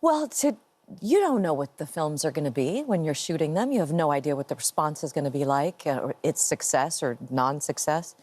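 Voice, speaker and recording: Thoughtful American actress, lower voice. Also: female voice, animated, fairly quick, darkish tone. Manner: thoughtful, laughs easily. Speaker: actress guest. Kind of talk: TV interview answers. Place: TV studio.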